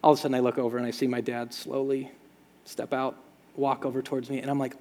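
A man preaching a sermon as pastor, telling stories with lively sound effects. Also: medium pitch, brisk, long reverb tail. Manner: storytelling, animated with sound effects.

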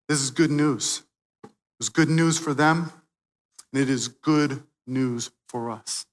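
A man preaching a sermon, swinging from loud, emphatic peaks to quiet, hushed moments. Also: mid-range voice, slow pace, big-room sound. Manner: dynamic preaching, swelling loud then dropping soft.

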